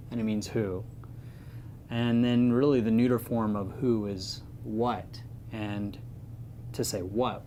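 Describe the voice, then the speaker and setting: A Latin teacher gives an informal grammar lesson, chatty and playful, leaning on the key words. His voice is medium-pitched with a darkish tone, and there's slight background noise.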